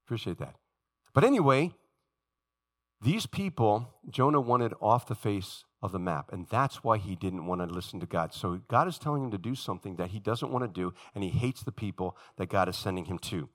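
Bright, animated male preacher. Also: lowish voice, a little fast. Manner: animated preaching with rising emphatic lines. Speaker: pastor. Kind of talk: sermon. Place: church sanctuary.

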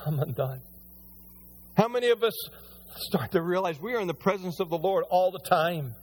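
Preaching with animation, this high-pitched male pastor gets louder when stressing a point and eases his pace while reading scripture aloud.

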